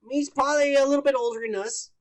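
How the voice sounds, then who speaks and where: High-voiced profane podcast man. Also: fairly even intonation, rapid-fire, dry recording. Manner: profane, rambling, mocking news reading. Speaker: podcast co-host. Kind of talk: casual crude banter.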